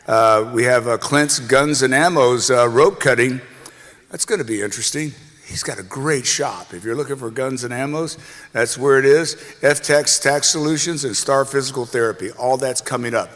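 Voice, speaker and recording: A man's voice: medium pitch, moderate pace, a bit bright. A man hosting a chamber meeting, giving casual, chatty announcements and calling out people in the room. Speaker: chamber host. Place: meeting hall. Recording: long echoey hall reverb.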